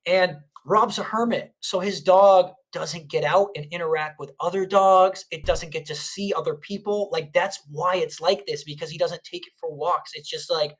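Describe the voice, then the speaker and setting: A podcast co-host in casual chat, telling stories in an animated, rambling way. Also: mid-range voice, moderate pace, hardly any pauses.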